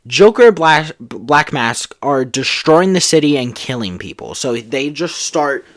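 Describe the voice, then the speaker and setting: A man's voice: fairly high pitch, big pitch swings, a little slow, fairly bright tone. A man casually retelling a made-up movie plot, rambling with many fillers. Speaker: storyteller.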